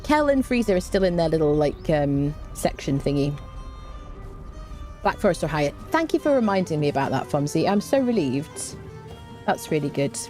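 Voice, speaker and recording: A woman streaming a game live, talking through her play in a relaxed, chatty way with plenty of fillers and answering chat. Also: sits low, moderate pace, soft background music. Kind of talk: live gameplay commentary, reading chat.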